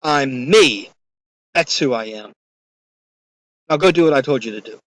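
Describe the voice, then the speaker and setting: A curt, self-assured God answers bluntly and emphatically, as a lecturer puts him on. The voice stays mid-pitched and plain. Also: male voice, animated, a little slow, no echo, close to an everyday voice, low-quality recording. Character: curt, self-assured deity speaking to a man.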